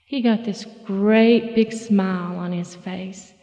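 A middle-aged woman telling her recovery story at a meeting, folksy and halting, full of fillers and restarts. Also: mid-range voice, steady tone, mellow, in a large hall, dull audio. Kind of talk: personal testimony talk.

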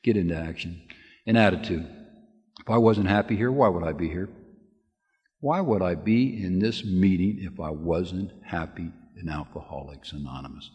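A man's voice: low voice, normal speed, a little mellow. Older man telling folksy stories in a hall. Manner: folksy, laughing storyteller with many restarts. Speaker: AA speaker giving a lead. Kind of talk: storytelling talk at a recovery meeting. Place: meeting room with audience. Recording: hall with long reverb.

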